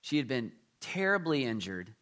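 A middle-aged man delivering a sermon with a humorous storyteller's touch. He leans hard into his punchlines, then drops to near-quiet asides. His voice sits at an ordinary male pitch. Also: sing-song, normal speed. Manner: humorous storytelling, swings between loud emphasis and quiet asides. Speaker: pastor.

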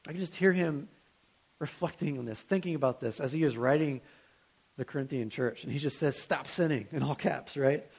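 A man's voice: on the high side, a little fast, vocal fry, darkish tone, slightly rough. A young man preaching a sermon to students, in a conversational and earnest way, with rhetorical questions.

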